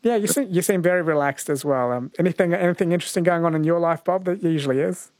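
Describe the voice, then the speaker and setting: A man's voice: on the high side, quick pace, darkish tone, dry recording. A man with an Australian accent hosting a late-night radio quiz, friendly and chatty as he reads out listener messages.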